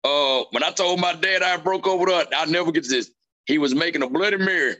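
A man's voice: fairly high pitch, quick pace, pushed and bright, highs cut off. A man, hosting a casual chat and retelling family stories, acting out his dad's lines. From southern United States. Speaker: podcast host.

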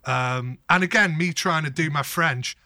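A man's voice: fairly high pitch, unhurried, no echo, clean studio sound. A man co-hosting a casual podcast, telling stories with lots of swearing. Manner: animated storytelling, heavy swearing. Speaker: podcast co-host. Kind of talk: casual chat.

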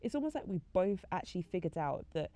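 Talking fast and very animated, a young woman with a fairly low, dark voice gives a casual faith talk. She chats with lots of "like" fillers and acts out quoted conversations.

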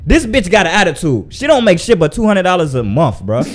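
Young man, from Mali, casual chat, higher voice, animated storytelling, profane. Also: a little fast.

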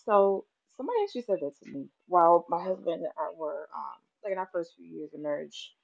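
Quick, gravelly-voiced woman guest. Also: on the low side, expressive, lo-fi sound. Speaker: podcast guest. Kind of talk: casual podcast chat.

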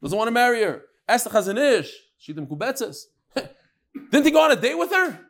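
A man's voice: extremely high pitch, sing-song, moderate pace, fairly bright tone. A man teaching a Talmud class, reading Aramaic lines and explaining them in English with jokes. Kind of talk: Gemara class explaining text.

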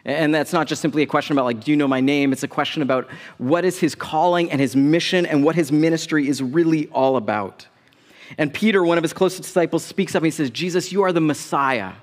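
A man preaching a sermon to a congregation, speaking in a relaxed, conversational way with casual asides. His voice sits a little high, and it carries a long reverb from a large hall. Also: quick pace. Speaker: pastor.

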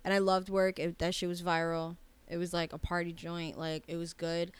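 A woman's voice: on the low side, level tone, moderate pace, clear, resonant tone, no echo. A woman co-hosting a podcast, chatting candidly and swearing freely. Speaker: podcast co-host. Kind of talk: casual chat.

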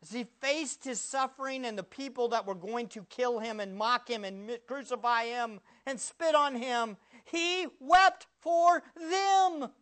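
A male pastor preaching a sermon, firing rhetorical questions at the congregation and swinging from loud bursts to hushed words. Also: very high-pitched, normal speed, hardly any pauses.

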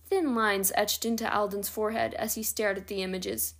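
A woman reading a novel chapter aloud in a steady, even narration. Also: medium pitch, normal speed. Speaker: reader.

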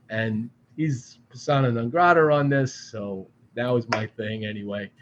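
A man from the Boston area, a podcast guest telling a long story in an animated, profane way with frequent restarts. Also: medium pitch, unhurried, few pauses, dull audio, slight background noise. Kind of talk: casual storytelling. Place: studio.

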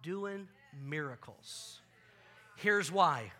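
Guy pastor preaching, high bright voice, super animated, trips over words. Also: moderate pace, slightly rough. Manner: animated, acts out scenes with volunteers, repeats words. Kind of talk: sermon.

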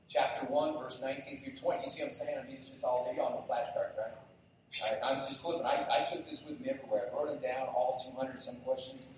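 A man preaching a sermon as pastor, telling stories with lively energy and asking the congregation questions directly. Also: mid-range voice, slight background noise. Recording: very echoey hall, distant mic.

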